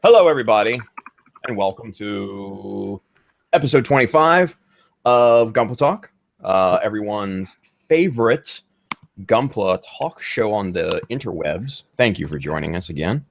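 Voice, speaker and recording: A man's voice: lowish voice, expressive, unhurried, gravelly, dry recording. A man co-hosting a casual live hobby talk show, joking and rambling with fillers. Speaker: co-host. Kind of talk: casual livestream chat.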